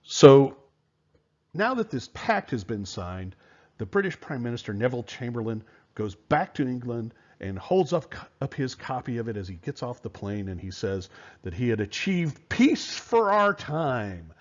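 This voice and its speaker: A man teaching history in a relaxed, conversational lecture, with fillers and rhetorical questions. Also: medium pitch, measured pace. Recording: dull lo-fi recording.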